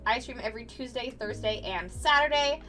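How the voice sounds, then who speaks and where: An American woman, a young adult, streaming as a digital artist and chatting casually with viewers, playful and quick to laugh, often restarting her sentences. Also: fairly high pitch, pushed and bright, faint music behind. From United States.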